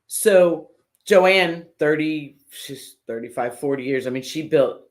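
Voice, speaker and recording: An older woman, a motorcycle builder interviewed as a guest, telling stories casually and animatedly, acting out what others said and filling pauses with "um" and "uh". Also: low voice. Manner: animated storyteller who acts out what others said, with many fillers.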